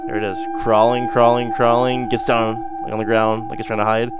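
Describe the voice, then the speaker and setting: A man's voice: medium pitch, flat delivery, fairly quick, loud music behind the voice. A man hosting a casual podcast chat, loose and joking with crude humor. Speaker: podcast host.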